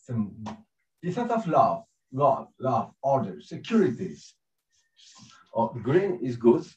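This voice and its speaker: A man giving a spiritual talk with prayer, halting and searching for words in a second language, chuckling often between thoughts. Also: mid-range voice, sing-song, a little mellow. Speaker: spiritual teacher. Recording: dull, distant lo-fi call audio.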